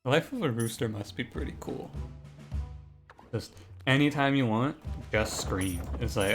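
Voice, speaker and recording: A gaming commentator offers casual gameplay commentary over background music, rambling and joking and often cutting himself off mid-sentence. His medium-pitched voice is animated and moves at a moderate pace.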